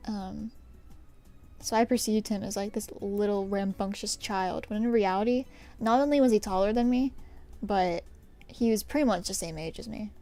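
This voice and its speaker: Slow, rambling young woman streamer. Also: medium pitch, mellow. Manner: rambling, self-deprecating, chatting with viewers. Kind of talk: casual chat while painting nails on stream.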